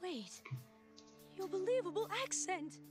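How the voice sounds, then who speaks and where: Squeaky overdramatic cartoon schoolgirl, drags out every line. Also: very animated, unhurried, over music, full character voice. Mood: melodramatic. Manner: hammy, overdramatic. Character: theatrical scheming schoolgirl, vengeful and dramatic. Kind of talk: cartoon voice acting.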